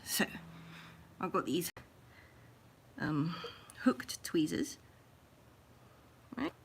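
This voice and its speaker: A woman livestreams while grooming her pet rabbit at home, cooing softly in baby talk and sometimes slipping into a whisper. Her lowish voice is gravelly and expressive, and she speaks very slowly.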